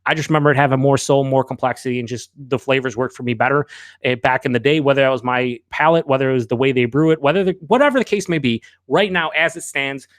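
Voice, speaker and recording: A man's voice: medium pitch, fast talker, dry recording, clean studio sound. A man hosting a live beer review. He talks casually and candidly, rambles with fillers, swears now and then, and reads out viewers' chat comments.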